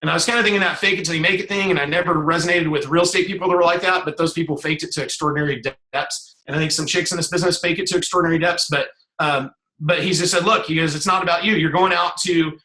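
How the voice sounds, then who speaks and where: A man's voice: a little high, fairly even intonation, racing, bright, forceful tone, reverberant, poor audio. A middle-aged man giving a casual motivational talk as a guest speaker on a video call, rambling with many fillers and restarts, and swearing bluntly. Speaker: guest speaker, business coach.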